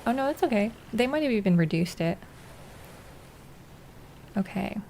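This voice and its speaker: A woman streamer chatting casually and excitably as she plays, thinking aloud. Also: medium pitch, normal speed. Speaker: game streamer. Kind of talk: casual gameplay commentary. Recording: noisy home recording.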